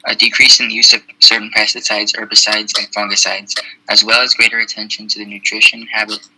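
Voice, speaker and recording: A man's voice: lowish voice, level tone, brisk. A male student reading test passages aloud carefully over a video call. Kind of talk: reading aloud in a tutoring session. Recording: noisy online call audio.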